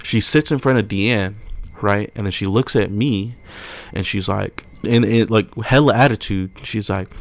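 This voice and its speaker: An animated young man tells a story in a casual podcast chat. His voice sits fairly low, and he jumps up loud when he acts out what people said. The sound is close and dry. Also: a little slow, no echo. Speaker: podcast co-host.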